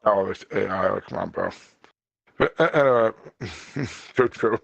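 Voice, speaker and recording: A man's voice: lowish voice, big pitch swings, measured pace, vocal fry, husky, no room sound, muffled recording. A man talking as a guest on a casual podcast, rambling and stammering, often restarting his sentences.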